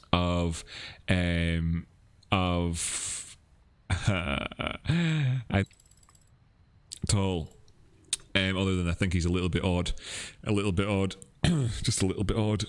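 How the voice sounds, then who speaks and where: A male livestream host with a fairly low voice rambles casually through his thoughts. He laughs often and keeps the chat loose and unscripted. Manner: rambling, laughs often, many fillers and restarts.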